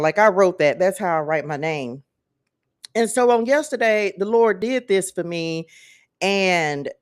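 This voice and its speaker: A woman, hosting a casual faith livestream from her phone and talking straight to her viewers in a chatty, emphatic way. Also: medium pitch. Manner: chatty, emphatic, repeats phrases and addresses viewers as y'all. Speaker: host. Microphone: phone camera.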